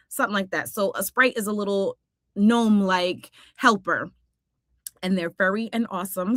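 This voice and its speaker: A woman's voice: mid-range voice, fairly bright tone, no room sound, clean studio sound. A woman hosting a casual cartoon recap vlog, talking in a sassy, exclamatory way full of playful asides. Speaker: host.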